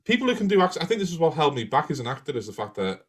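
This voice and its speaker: A man's voice: a little high, sing-song, racing, poor audio. A man with a Scouse accent co-hosting a live panel podcast, telling stories in a laughing, self-deprecating way. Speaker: podcast co-host. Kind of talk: casual panel chat.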